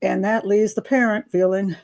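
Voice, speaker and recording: A woman's voice: mid-range voice, steady tone, moderate pace, creaky, a little mellow. An older woman from the United States hosting an advice show, talking in a chatty, unscripted way with asides. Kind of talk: casual advice monologue.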